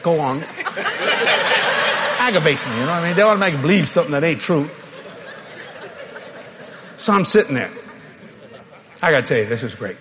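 A man's voice: a little high, a little fast, pauses often. Older guy preaching, folksy and joking, voice jumps all over, bit of background hum. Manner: folksy, animated, joking with the crowd. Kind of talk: sermon storytelling.

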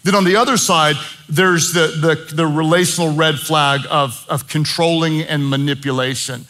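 A man's voice: on the high side, fairly even intonation, moderate pace, bright, forceful tone. A middle-aged man preaching a sermon as pastor, emphatic and impassioned, with jokey asides.

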